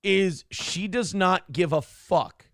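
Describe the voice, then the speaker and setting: Gravelly, profane male talk-show host. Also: high-pitched, slow, no echo, studio quality. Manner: animated storyteller, swears freely. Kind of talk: casual profane chat.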